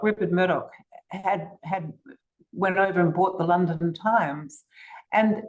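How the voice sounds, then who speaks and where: Assured older Australian woman, lowish voice. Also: rough recording. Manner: assured, storytelling, occasional restarts. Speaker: interview guest. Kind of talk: recorded podcast interview.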